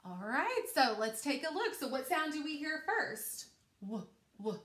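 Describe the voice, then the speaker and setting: Bright encouraging woman teaching phonics. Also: high voice, sing-song, roomy sound. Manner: slow, encouraging, stretches out sounds. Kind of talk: recorded phonics lesson for young children.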